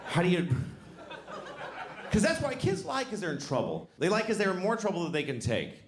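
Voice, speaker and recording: A man in his forties doing a grumpy stand-up rant that swerves between loud outbursts and low mumbled asides. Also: wildly swooping pitch, moderate pace, a crowd in the background. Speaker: stand-up comedian. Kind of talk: stand-up routine. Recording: noisy ambience behind.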